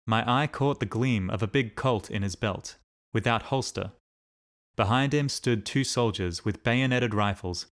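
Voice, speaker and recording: A man narrating a diary as an audiobook in a steady, measured reading. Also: fairly low pitch.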